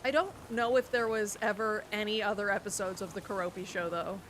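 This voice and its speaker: Over noisy game audio, a woman in her twenties streams and chats in a medium-pitched, steady, fairly quick and fairly bright voice. Her talk rambles with nostalgia and tails off into musing.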